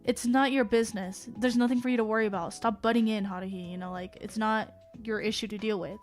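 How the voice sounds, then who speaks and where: A woman's voice: mid-range voice, steady tone, fast talker, soft background music, lightly acted. A woman streamer voicing a teenage schoolboy who acts cold and dismissive, speaking curtly. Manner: curt, dismissive.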